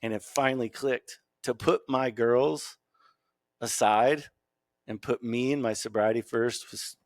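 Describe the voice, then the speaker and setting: A man's voice: medium pitch, a little slow, no room sound, studio quality. A man talking in a casual podcast conversation, emotional and rambling, calling the host "dude". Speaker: guest artist.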